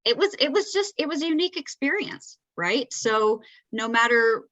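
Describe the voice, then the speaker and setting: A woman's voice: a little high, lively intonation, moderate pace, a bit bright, no echo, lo-fi sound. A woman with a Southern accent giving a conversational talk, often checking in with "right?". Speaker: presenter. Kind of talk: presenting a talk.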